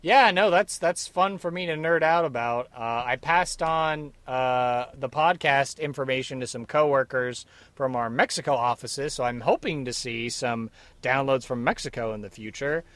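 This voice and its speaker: Bright, playful man on a podcast. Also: medium pitch, moderate pace, no echo. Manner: playful, riffing, laughs easily. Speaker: podcast co-host. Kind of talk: casual chat. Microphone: podcast mic with headphones, remote.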